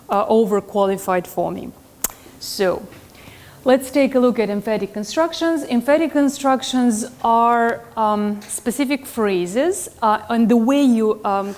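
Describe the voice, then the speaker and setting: A woman's voice: on the high side, a little mellow. A woman teaching a class in a classroom, earnest and full of "um" and self-corrections. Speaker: instructor. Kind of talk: classroom lecture.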